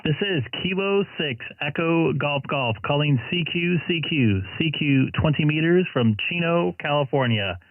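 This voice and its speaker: A male ham radio operator hosting a live stream, chatting casually with callers and calling CQ in a relaxed, joking way. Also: a little high, normal speed, hardly any pauses, phone-quality sound. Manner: relaxed, jokey, self-deprecating. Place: home radio station.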